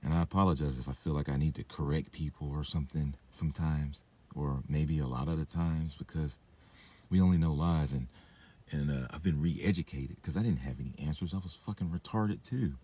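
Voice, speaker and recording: A man's voice: extremely low pitch, a little fast, dark tone. A young man in a rambling, profane vlog monologue, drinking and smoking as he talks, full of fillers and detours. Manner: meandering, profane, filler-heavy. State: drinking and smoking while talking. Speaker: vlogger.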